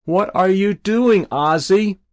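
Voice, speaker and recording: A man's voice: sits high, slow, darkish tone, pitched above the performer's own voice. A man voicing a fretful bewildered mother. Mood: anxious. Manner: fretful, repeating endearments. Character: anxious Jewish mother, bewildered.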